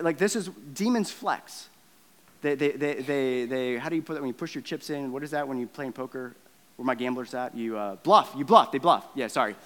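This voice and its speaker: A man preaching a sermon in a casual, animated way, with conversational asides and acted-out quotes. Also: long reverb tail. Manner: acts out quotes and switches between loud punches and low, quiet stretches. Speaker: pastor.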